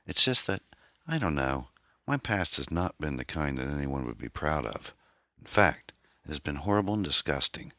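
A man voicing a troubled young woman, an orphan who talks in a hesitant, halting, pained way. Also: rumbling low, big pitch swings, sharp tone, no echo, studio quality, full character voice. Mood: guarded, pained.

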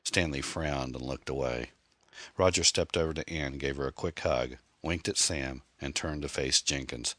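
A man reading a mystery novel aloud in a measured, dramatic narration. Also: very deep voice, a bit bright, no echo. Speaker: audiobook narrator. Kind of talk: scripted narration.

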